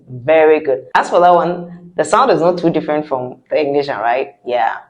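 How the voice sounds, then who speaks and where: A woman teaching words to beginners, stretching out each word slowly for the listener to repeat and praising brightly. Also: sing-song. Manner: slow, drawn-out model words with bright high praise. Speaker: French teacher. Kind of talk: repeat-after-me language lesson.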